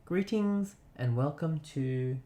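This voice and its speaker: A man reading a friendly tavern innkeeper's lines from a game, slowly and haltingly. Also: on the high side, lively intonation, dark tone, slight background noise. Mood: reading aloud. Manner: slow, halting reading of on-screen text. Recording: roomy echo.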